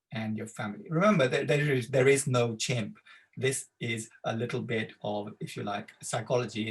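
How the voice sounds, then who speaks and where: A male tutor giving a conversational slide talk to parents, explaining with the odd filler. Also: mid-range voice. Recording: voice from a distance from the mic.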